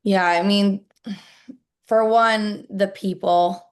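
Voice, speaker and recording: A woman's voice: mid-range voice, fairly even intonation, slow pace. Earnest chatty woman guest. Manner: earnest, chatty, many fillers like "like" and "I mean". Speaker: guest, network marketer. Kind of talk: interview answers.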